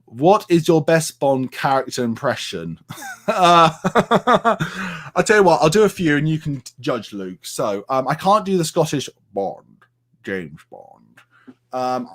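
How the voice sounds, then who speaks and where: A man's voice: a little high, big pitch swings, takes it slowly, a bit bright. Chatty man hosting a live stream. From United Kingdom. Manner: chatty, answers viewer comments with fillers. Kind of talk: casual live stream chat.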